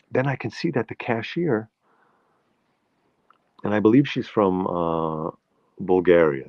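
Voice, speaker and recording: A man from New York, USA, with a low, darkish voice, hosts a live-stream chat where he rambles through anecdotes, starts over often, and takes viewer comments. The recording has no echo and lacks high frequencies.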